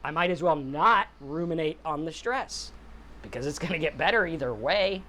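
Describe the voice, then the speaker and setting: A man's voice: on the high side, expressive, normal speed, bright, forceful tone, slight background noise. A man in his forties, host of a sobriety channel, talking in an earnest, rambling monologue and often checking in with a "right?". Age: 40s. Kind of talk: casual reflective monologue.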